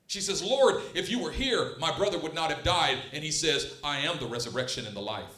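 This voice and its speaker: A man preaching a sermon with passion, swinging between hushed, tender lines and loud, emphatic ones. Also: on the high side, lively intonation, brisk. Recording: roomy echo.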